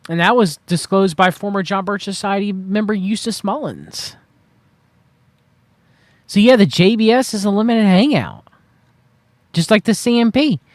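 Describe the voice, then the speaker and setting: Host: man with a high voice, wry rambling commentary to a stream chat, dry close sound. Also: expressive, moderate pace, pauses often, dry recording. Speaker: livestream host.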